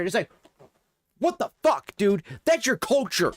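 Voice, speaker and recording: A man's voice: high-pitched, sing-song, moderate pace, dry recording. A man on his livestream, ranting angrily and sarcastically, swearing heavily. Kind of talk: angry livestream commentary. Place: home streaming setup.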